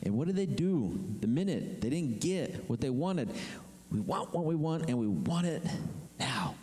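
A man preaching a sermon to his congregation, animated and conversational, acting out the complaints of the people he talks about. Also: a little high, a little slow, long reverb tail, poor audio. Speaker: pastor.

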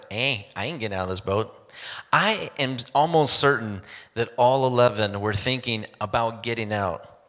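A man preaching a sermon, telling a Bible story in an animated way and acting out the characters' lines. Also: mid-range voice. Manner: animated storytelling with acted-out quotes. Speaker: pastor. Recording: long hall reverb.

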